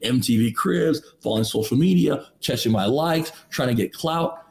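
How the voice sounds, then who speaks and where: A man's voice: mid-range voice, lively intonation, normal speed, vocal fry, darkish tone. A man in his thirties, a podcast guest, telling a personal story with emphatic, preachy rhetorical questions. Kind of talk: candid motivational storytelling.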